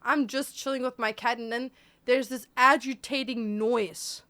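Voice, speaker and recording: A woman's voice: fairly high pitch, fairly even intonation, measured pace, sharp tone. A woman, chatting casually and bluntly on a livestream, teasing and joking. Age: 20s. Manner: blunt, teasing, switches between English and German. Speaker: streamer.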